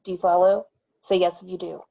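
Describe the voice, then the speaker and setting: A woman's voice: lowish voice, steady tone, a little fast. A woman reading the part of a desperate middle-aged male doctor held captive, clipped and insistent, in an amateur table read. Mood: urgent whisper. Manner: clipped, insistent, rising to shouting. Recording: dull lo-fi mic.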